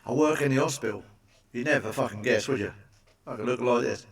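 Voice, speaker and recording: A man's voice: mid-range voice, a little fast, recorded from a distance. A man doing crude stand-up one-liners, swearing a lot and asking the listener for agreement. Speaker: stand-up comedian.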